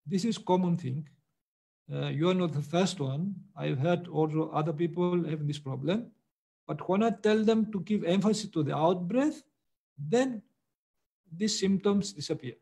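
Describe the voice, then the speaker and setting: High gravelly-voiced male meditation teacher. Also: warm tone. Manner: hesitant, many pauses and fillers, patient. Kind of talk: answering questions in a meditation class.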